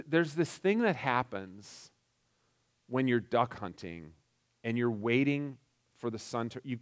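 A middle-aged man telling a personal story in a casual, halting way, with frequent restarts and filler words. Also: mid-range voice.

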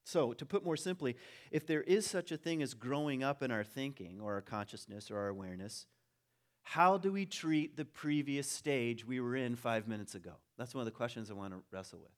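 Guy thinking out loud in a talk, lots of ums, dry jokes, average pitch. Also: animated, a little fast. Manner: musing, casual, with frequent ums and dry humor. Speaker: speaker giving a talk. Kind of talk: reflective spoken talk.

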